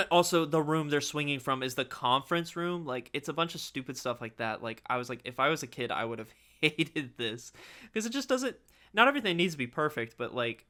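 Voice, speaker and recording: A young man co-hosting a podcast chats casually in a slightly high, fairly quick voice, laughing often and acting out quotes as he tells animated stories.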